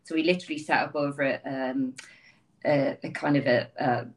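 A woman's voice: a bass voice, steady tone, moderate pace, recorded from a distance. A Dublin woman in her fifties with an Irish accent, chatting as an interview guest and telling her story with many restarts. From Ireland (Dublin). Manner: chatty storyteller, frequent restarts and you-knows. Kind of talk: conversational interview.

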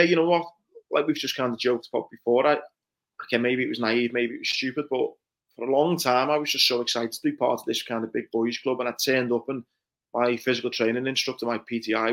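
A man's voice: medium pitch, fairly bright tone. A man, a former Marine recalling his training in an earnest, reflective interview. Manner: earnest, reflective, many fillers like "you know". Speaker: guest, former Royal Marine. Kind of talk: conversational interview storytelling.

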